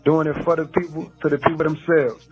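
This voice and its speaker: Husky-voiced man on a tinny phone line. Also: on the high side, little pitch movement, brisk, faint music behind. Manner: laid-back storytelling, addresses listeners directly. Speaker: radio show host. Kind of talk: casual radio talk. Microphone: phone call.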